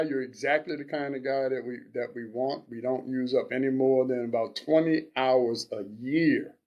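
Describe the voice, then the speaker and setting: A man in his sixties hosting a radio show, talking in an unhurried, halting way with frequent restarts. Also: mid-range voice, lo-fi sound. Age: 60s. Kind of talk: casual radio talk.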